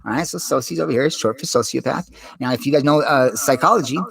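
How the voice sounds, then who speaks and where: A man's voice: medium pitch, fast, gravelly, fairly bright tone. A man talking straight to the camera in a rambling personal monologue, intense and heavy on profanity, with many restarts.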